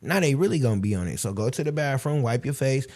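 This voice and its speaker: Male host, 30s, animated storyteller in casual interview. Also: medium pitch, fast. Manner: animated storytelling, acts out quoted voices. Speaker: podcast host.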